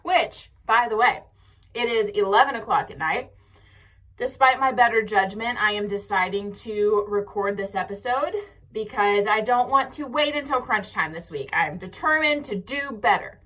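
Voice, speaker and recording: A woman's voice: medium pitch, moderate pace, a bit bright. An American woman in her thirties hosting a podcast in casual, chatty talk and laughing often. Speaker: podcast host. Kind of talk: casual chat.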